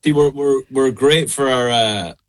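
A man with a middle of Ireland accent, a guest singer chatting casually in a radio interview over a call, relaxed, laughing often and full of fillers and restarts. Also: medium pitch, unhurried. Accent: Irish, middle of Ireland. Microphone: call line.

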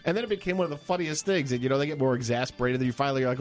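A man's voice: medium pitch, rapid-fire, hardly any pauses, faint music behind. A middle-aged man co-hosting a casual countdown chat, telling stories and jumping into quoted voices. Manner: animated storyteller, jumps into quoted voices. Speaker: co-host.

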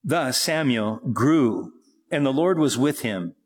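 A man preaching a slow, reflective sermon, reading scripture aloud and explaining it in an informal way. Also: medium pitch, expressive, husky.

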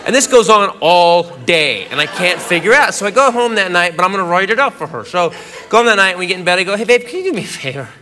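A man doing stand-up comedy, telling a story in a rambling, animated way with many restarts, on a comedy club stage before a live audience. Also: sits high, fast talker. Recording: live show with loud audience laughter and noise.

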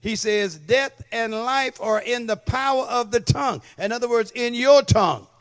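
A man's smooth, extremely high-pitched voice, a bit bright, carries a church sermon at a moderate pace. He calls for amen and checks that the congregation understands.

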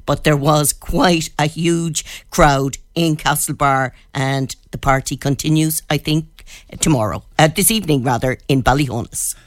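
An Irish woman, a radio news editor, reporting in a measured storytelling manner. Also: sits low, steady tone, no room sound, studio quality.

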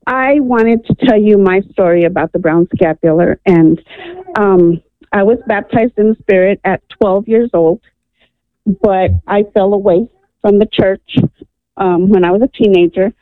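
A woman from New Mexico calls in to a radio show and tells a personal story in an earnest, animated way, acting out the voices in it. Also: medium pitch, a little slow, dry recording. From New Mexico, USA. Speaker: caller. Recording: tinny phone line.

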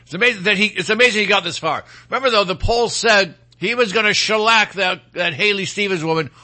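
A man with a Michigan accent hosts a political talk show, rambling from point to point with blunt opinions and folksy asides. His voice sits high and sounds very bright and sharp. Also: a little fast.

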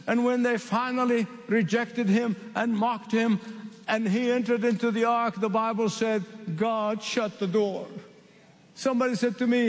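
A man from the Middle East preaching a sermon, emphatic and repeating key phrases with slow dramatic pauses. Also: very high-pitched, fairly even intonation. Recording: long reverb of a large hall.

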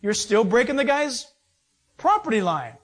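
A man pastor preaching an animated, conversational sermon with asides. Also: very high voice, normal speed.

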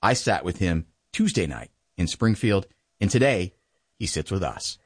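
A male interview host with a deep, low-pitched voice and an animated, swinging delivery. He talks in a crisp broadcast manner. The sound is dry and close, with no room around it. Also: normal speed, no room sound. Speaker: show host. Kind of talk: interview introduction and questions.

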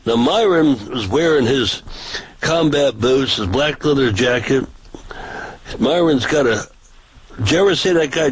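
Breathy man telling street-preaching stories. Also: dry recording, rough recording. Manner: animated, pitch jumps for quoted voices. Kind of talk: casual storytelling.

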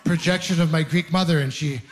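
Young guy doing stand-up on stage, tells stories and plays both sides of the chat, kinda high voice. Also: fairly quick. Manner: animated storytelling, acts out both sides of dialogues. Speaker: stand-up comedian. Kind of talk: stand-up comedy set. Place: comedy stage with a live audience.

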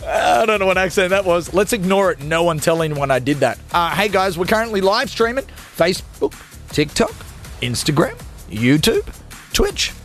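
Man, radio host, high voice, self-mocking banter. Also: moderate pace, faint music behind. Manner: jokey, self-mocking, energetic. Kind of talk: live radio show banter.

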